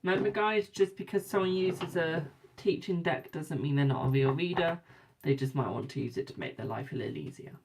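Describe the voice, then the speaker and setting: A woman's voice: sits low, fairly quick, a little mellow, slight background noise. A British woman hosting a live tarot stream in casual chat, calling viewers darling, a bit tired and yawning. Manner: chatty, calls viewers darling and boo.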